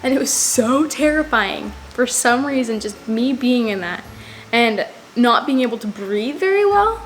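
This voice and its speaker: A woman's voice: a little high, expressive, a little slow, soft background music. A young woman telling a personal story to the camera in a casual, rambling way, full of "like". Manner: rambling, heavy use of "like". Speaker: vlogger.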